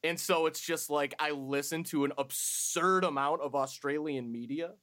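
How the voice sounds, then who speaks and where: A man's voice: on the high side, normal speed, a bit bright. A man co-hosting a podcast in casual chat, chatty and laughing as he talks. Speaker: podcast co-host.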